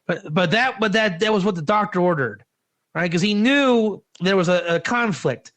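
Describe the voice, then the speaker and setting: Guy teaching a class, high bright voice that jumps all over, chatty and animated. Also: normal speed. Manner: animated, acts out quoted dialogue; conversational, rhetorical questions. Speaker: teacher of Proverbs. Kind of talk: informal religious teaching.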